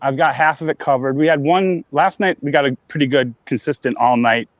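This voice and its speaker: A man chatting casually on a live stream, rambling and repeating words, high and talking with a blunt in his mouth. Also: a little fast, no echo, lo-fi sound. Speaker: grower showing plants on a live stream.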